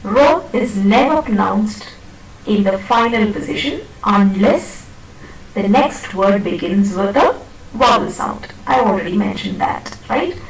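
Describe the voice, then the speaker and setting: A woman's voice: medium pitch, lively intonation, measured pace, a little hiss or hum. A woman teaching pronunciation in a classroom lecture, patiently repeating and demonstrating words and checking that students follow. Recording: echoey classroom from a distant mic.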